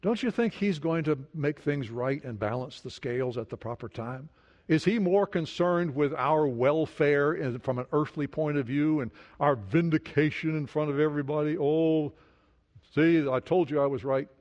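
Male pastor with a slightly higher voice, dynamic preacher who goes loud, then drops to a hush, and keeps asking the congregation questions. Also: normal speed, muffled recording. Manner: dynamic preaching, swings from loud emphasis to hushed near-whisper; asks the listeners many questions. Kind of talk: sermon.

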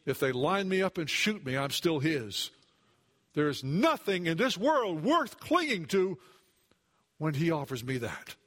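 A male pastor preaching with a notably high voice. He talks earnestly and conversationally, sinking to a hush for emphasis and climbing higher when he voices a worried believer. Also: big pitch swings, a little slow. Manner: earnest, voice drops low for emphasis, rises when acting out doubts; occasional restarts, conversational asides. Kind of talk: sermon.

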